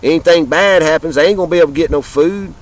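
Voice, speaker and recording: Southern guy ranting at the camera, kinda high voice, cussing, keeps hammering the same point. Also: fast talker, rough recording. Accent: Southern American. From Southern United States. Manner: fiery, profane, repetitive, addresses viewers directly. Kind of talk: impassioned political rant to camera.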